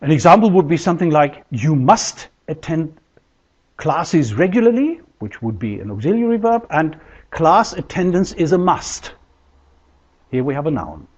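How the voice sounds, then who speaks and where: A man giving a measured, explanatory linguistics lecture, with deliberate pauses. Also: fairly high pitch, sing-song, husky. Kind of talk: recorded university lecture. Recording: dull lo-fi lecture recording.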